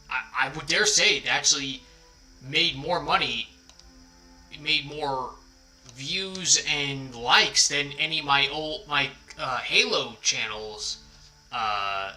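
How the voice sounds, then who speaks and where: A man hosts a laid-back livestream and chats at an unhurried pace, rambling, apologizing and poking fun at himself. His voice is very bright and forward. Quiet background music plays under him. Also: mid-range voice, poor audio. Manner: rambling, apologetic, self-deprecating. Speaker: livestream host. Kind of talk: casual livestream chat.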